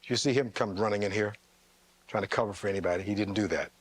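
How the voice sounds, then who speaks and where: A man acting as defense attorney, delivering a courtroom closing argument, reading testimony aloud and putting rhetorical questions to the jury, with sharp leaps in pitch on stressed words. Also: fast, slightly rough.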